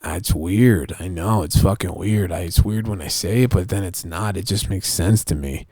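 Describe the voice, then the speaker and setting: A man's voice: low voice, normal speed, warm tone, slightly rough, no echo. A young man ranting on his solo podcast in a casual, profane, rambling way, often restarting his sentences. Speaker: podcast host.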